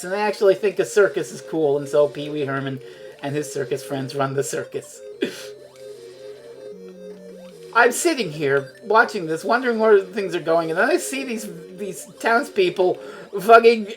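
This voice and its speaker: An animated woman streaming a video game, her pitch leaping up and down as she rambles and swears freely. Faint music plays beneath her voice. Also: normal speed. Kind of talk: casual chat while playing a video game.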